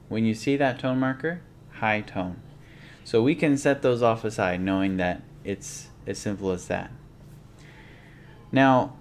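A man with a fairly low voice talks through a lesson, patient and methodical, stopping to spell out each example. A faint hum sits under the recording. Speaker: language teacher. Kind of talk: explanatory lesson narration.

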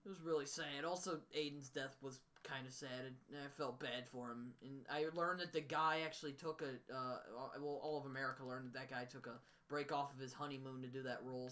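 A man's voice: medium pitch, a bit bright. A man vlogging a casual rant to the camera. He sounds upset and emotional, and he rambles with frequent restarts.

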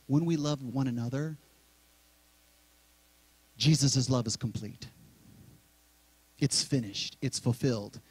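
A man's voice: on the high side, husky, no room sound, low-quality recording. Man preaching a conversational sermon, dry sound. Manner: conversational preaching, repeating key words slowly. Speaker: pastor. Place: church sanctuary.

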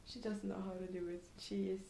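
A woman's voice: medium pitch, level tone, a little fast, vocal fry, dark tone. A teenage girl rambling casually in a home vlog, giggling and mocking herself between thoughts. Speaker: vlogger.

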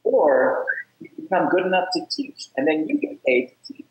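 Energetic guy on a podcast, kinda high voice, acts out convos, echoey room. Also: moderate pace. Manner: energetic, acts out quoted dialogue, repeats words. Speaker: podcast guest, app founder. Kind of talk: casual interview storytelling.

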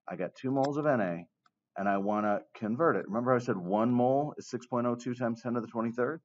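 A man's voice: medium pitch, quick pace, a little hiss or hum. A man teaching chemistry in a casual, joking lecture style, often checking in with his class. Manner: casual, jokey asides, keeps checking with "okay?". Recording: dull lo-fi recording.

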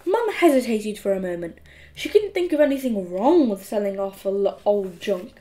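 A woman narrating a children's audiobook in an expressive, playful storytelling way. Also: mid-range voice, normal speed.

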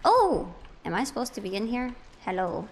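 A woman's voice: on the high side, big pitch swings, normal speed, a little hiss or hum. A young woman giving casual, playful commentary while playing a video game, chatting to the objects she finds. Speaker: let's play gamer.

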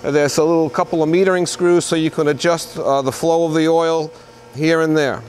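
A man working as a used machinery dealer walks through a machine in an unscripted product demo. He talks in a plain, halting way, pausing with lots of fillers as he goes. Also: fairly high pitch, fairly even intonation, darkish tone. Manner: plain-spoken, halting, pauses with many fillers. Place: indoor machinery shop floor.

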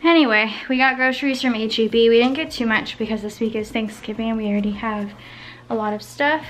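Chatty high-voiced young woman vlogging. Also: fairly even intonation, brisk, slight background noise. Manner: chatty, rambling, self-correcting. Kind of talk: casual vlog chat. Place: home.

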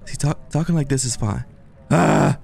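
A young man playing a horror game on stream, joking loudly with his viewers. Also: on the high side, moderate pace, vocal fry. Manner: joking, playful and loud, talking to viewers. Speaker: gaming streamer.

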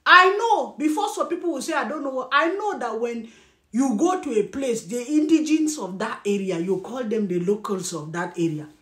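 High-voiced Nigerian woman ranting bluntly. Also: normal speed. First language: Birom. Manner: blunt, scolding, animated, laughs often. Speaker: commentary vlogger. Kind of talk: ranting commentary. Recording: echoey room.

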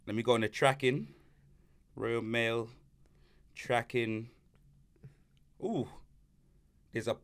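A young man hosting a casual football chat, teasing and animated, full of slang. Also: medium pitch. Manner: animated, teasing, shouts and laughs, London slang. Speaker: host.

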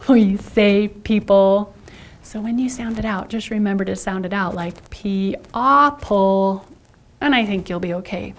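A woman teaching first graders sight words, animated and spelling out letters one at a time. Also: medium pitch, unhurried. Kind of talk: sight word lesson for children.

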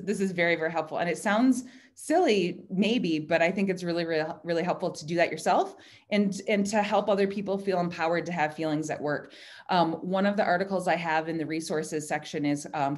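A woman speaks on a video call, chatty and animated as she walks through leadership ideas. Her voice sits a little low for a woman, and she drops into lively quoted asides. It sounds like a computer mic. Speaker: design director speaking at a virtual happy hour. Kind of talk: casual talk on leadership.

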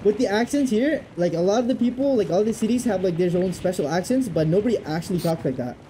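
A man's voice: high voice, animated, quick pace, warm tone, a little hiss or hum. A man with a Canadian accent chatting casually while streaming a game, rambling and breaking into laughter. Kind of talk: casual gaming chat.

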